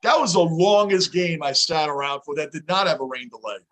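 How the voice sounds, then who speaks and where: A man hosting a live baseball watch-along chat. He talks in an animated way and yells when big plays happen. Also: on the high side, brisk. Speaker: host.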